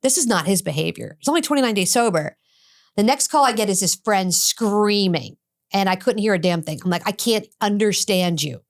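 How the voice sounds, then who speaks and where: A middle-aged woman talks as a podcast guest, telling a long personal story. She voices the people she quotes with animated shifts, in a voice of middling pitch. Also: brisk. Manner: animated, acts out quoted dialogue. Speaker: addiction expert guest.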